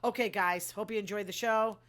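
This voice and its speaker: A woman's voice: medium pitch, steady tone, fairly bright tone. A woman hosting her own show, reacting to news stories with casual, sarcastic commentary and frequent sighs; she calls herself emotional. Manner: sarcastic, quick to react and complain; sighs often between stories.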